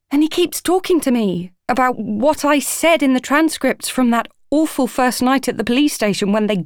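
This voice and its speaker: A woman's voice: medium pitch, no echo, studio quality. Pleading young woman reading a confessional letter. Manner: earnest, pleading, emotionally raw. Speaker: audiobook narrator. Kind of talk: first-person audiobook narration.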